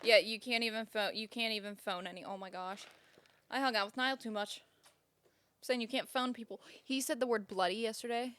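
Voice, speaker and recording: A young American woman co-hosting a podcast, chatty and teasing, laughing loudly. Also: fairly high pitch, fairly even intonation, brisk, no echo. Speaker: podcast co-host. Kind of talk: casual chat.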